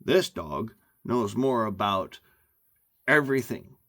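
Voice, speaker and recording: A man's voice: fairly low pitch, expressive, slow, fairly bright tone. A man ranting into the camera for his vlog, emphatic and meandering, often repeating himself. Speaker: vlogger. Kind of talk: rambling rant to camera.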